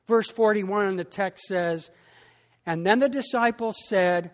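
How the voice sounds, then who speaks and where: A pastor preaching a sermon in a slow, emphatic way, with long pauses between phrases. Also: mid-range voice, in a large hall.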